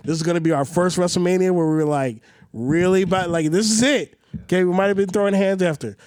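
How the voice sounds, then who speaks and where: A man with a fairly high voice holds forth on a podcast in casual chat. He rants hard, swears a lot and swings his pitch up and down. The sound is close and dry, with no room around it. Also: fast, clean tone, no room sound. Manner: animated, profane ranting with swinging pitch. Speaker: podcast co-host.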